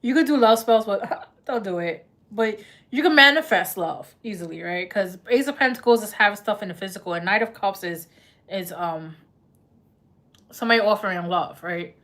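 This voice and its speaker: A woman's voice: medium pitch, a little fast, a bit bright. A woman doing a live tarot reading in a chatty, laughing, slangy way. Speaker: tarot reader.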